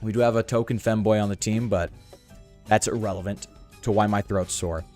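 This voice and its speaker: A young man with a sore throat giving slangy, excitable commentary while playing a video game. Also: lowish voice, fairly quick, soft background music. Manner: slangy, excitable, lots of "dude" and "bro". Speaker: gaming video host.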